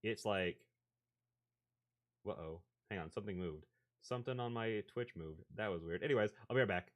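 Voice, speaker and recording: A man's voice: on the low side, normal speed. Rambling young man chatting on stream. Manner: rambling, filler-heavy, self-correcting. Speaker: livestreamer. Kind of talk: casual live-stream chat. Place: home desk setup. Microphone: desk microphone.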